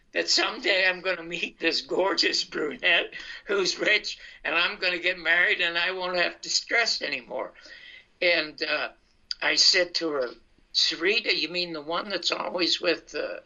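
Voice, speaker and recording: An older man, a comedian, telling his life story in a casual, animated way and acting out the dialogue. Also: on the high side. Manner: animated anecdotal, acts out dialogue. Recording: dull lo-fi sound.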